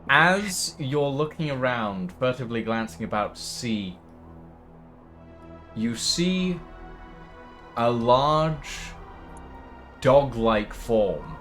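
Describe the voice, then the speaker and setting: Slow, lively-voiced game master narrating. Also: male voice, mid-range voice, soft background music. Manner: unhurried, halting narration with fillers.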